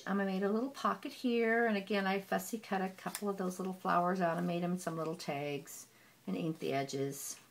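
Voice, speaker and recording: A woman casually walking through a handmade scrapbook album, chatty and gushing, with frequent "um" pauses. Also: lowish voice, vocal fry, fairly bright tone, slight background noise. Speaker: papercraft hobbyist.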